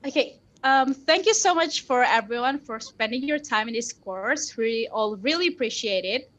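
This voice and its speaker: A woman's voice: a little high, animated, moderate pace, fairly bright tone. A woman closing an online course as master of ceremonies, with formal, cheerful thanks and small self-corrections, heard over a video call. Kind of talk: scripted online event closing. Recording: muffled video call audio.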